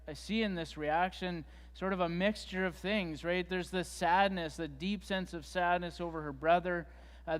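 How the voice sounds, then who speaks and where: A man's voice: high-pitched, a bit bright, clean tone, in a large hall. A man preaching a sermon in a church, retelling scripture in a conversational way with fillers and restarts. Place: church sanctuary.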